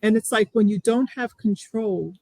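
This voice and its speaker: A middle-aged woman tells her story as a guest in an interview. She talks earnestly, thinks aloud and often restarts her sentences. The voice sits high and sounds dry and close, with no room around it. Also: normal speed, dark tone, no room sound, low-quality recording. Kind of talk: candid interview.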